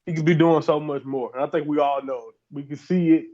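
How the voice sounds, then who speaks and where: A man's voice: on the high side, steady tone, quick pace, dark tone, lo-fi sound. A man co-hosting a podcast, chatting casually and rambling, hedging and restarting often. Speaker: podcast co-host. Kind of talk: casual wrestling chat.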